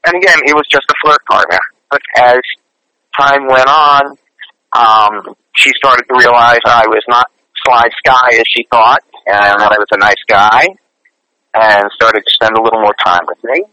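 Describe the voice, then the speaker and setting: A man sits as a guest on an interview, telling his stories in an earnest, chatty way. His voice is very bright and forceful, and it sounds dry and close with no room behind it. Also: mid-range voice, steady tone, normal speed, dry recording, low-quality recording. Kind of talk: casual interview storytelling.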